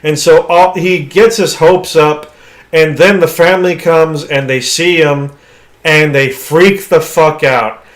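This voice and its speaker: A man's voice: fairly high pitch, steady tone, takes it slowly. A man co-hosting a podcast, casually retelling a movie plot in a rambling way, with frequent "like" fillers. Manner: rambling retelling, heavy use of "like". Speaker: podcast co-host.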